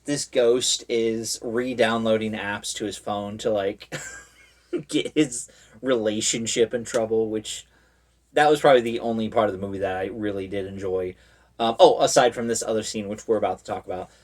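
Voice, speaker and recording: A man's voice: on the low side, moderate pace, distant mic. A man giving a casual, rambling recap of a horror movie, full of fillers and wry asides.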